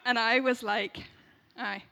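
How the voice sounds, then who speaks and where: A woman in her thirties from Derry with a Northern Irish accent, telling a personal faith testimony in an animated way, laughing as she goes and acting out the voices she quotes. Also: fairly high pitch, moderate pace. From Derry, Northern Ireland. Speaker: speaker sharing a faith testimony.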